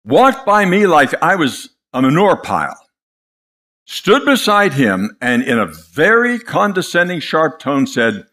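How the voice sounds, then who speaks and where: An older man preaching a sermon, impassioned and dramatic, telling stories with pauses for effect. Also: on the high side, very animated, a bit bright.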